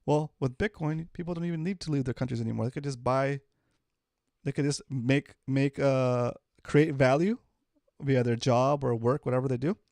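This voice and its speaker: A man in his thirties hosting a casual livestream, animated and forever asking "right?". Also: medium pitch, normal speed, no echo, clean studio sound. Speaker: host.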